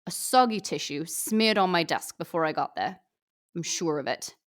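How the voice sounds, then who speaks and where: A woman voicing a brash young female singer with a put-on Australian accent, talking bluntly and deadpan. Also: lowish voice, normal speed, natural voice.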